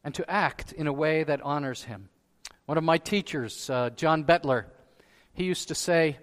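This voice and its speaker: A man preaching a sermon as pastor, asking rhetorical questions and rising to loud emphasis. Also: on the high side, normal speed, big-room sound. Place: church sanctuary.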